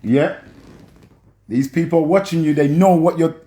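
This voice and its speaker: A man's voice: fairly high pitch, moderate pace, dark tone. A man commenting on film scenes for his audience, emphatic and preacher-like, often checking in with "yeah?".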